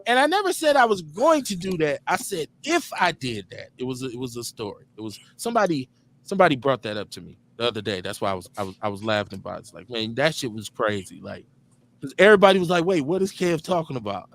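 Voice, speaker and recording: Animated joking male talk-show host. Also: mid-range voice, fast talker, gravelly. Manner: animated, joking, streetwise and profane. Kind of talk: casual talk-show banter.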